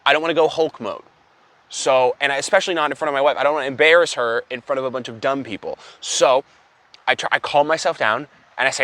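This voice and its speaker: A young man telling an absurd story as an exasperated, profane, deadpan comedy rant. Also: on the high side, a little fast. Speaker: comedic vlogger.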